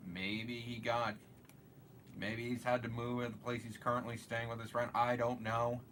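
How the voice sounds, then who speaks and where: Hosting a live show, a man with a medium, fairly flat, slightly bright voice talks at a moderate pace over a little hiss or hum. His casual, rambling commentary is hesitant, trailing off and restarting sentences.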